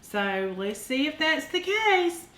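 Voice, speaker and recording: A woman's voice: high-pitched, very animated, takes it slowly, a bit bright. Chatty woman host, echoey kitchen. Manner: chatty, folksy, addresses viewers as y'all. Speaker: cooking channel host. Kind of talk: casual taste-test chat.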